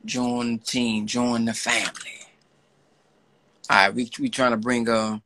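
A man's voice: mid-range voice, level tone, a little slow, noisy background. A man hosting a casual livestream, talking in a loose, joking, slangy way to callers. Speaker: livestream host selling an online course. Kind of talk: casual live-stream chat.

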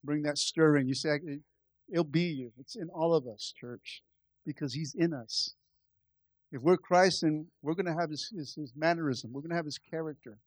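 A man's voice: a little high, normal speed, no echo. A man pastor preaching a conversational sermon, calling out to the church and building to impassioned stretches. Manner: impassioned, rising in volume.

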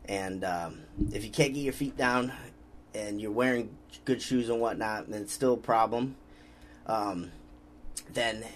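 Slight background noise accompanies a man's fairly low-pitched voice as he hosts a casual podcast, rambling easily and reading out comments from viewers.

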